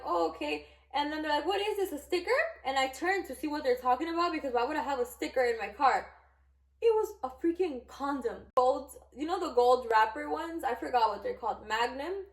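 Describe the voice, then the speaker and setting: A young woman vlogger telling a storytime in a chatty, animated way, filling her talk with "like". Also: high voice, echoey room. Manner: chatty, animated, heavy use of "like". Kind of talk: casual storytime.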